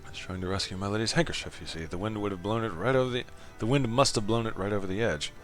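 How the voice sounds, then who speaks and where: A man reading a devoted young servant, quiet. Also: lowish voice, quick pace, faint music behind, lightly acted. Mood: earnest. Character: earnest young male servant, devoted to his mistress.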